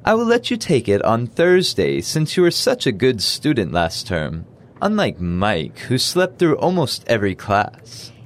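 A man voicing a friendly university professor in a scripted dialogue for a language lesson. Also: medium pitch. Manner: relaxed, friendly, reads lines then slowly repeats them.

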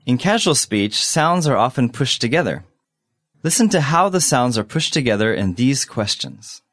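Male co-host for an English lesson, lively and expressive, dry close recording. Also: medium pitch, no room sound. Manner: clear, deliberate delivery of example phrases. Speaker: English teacher. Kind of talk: scripted language lesson.

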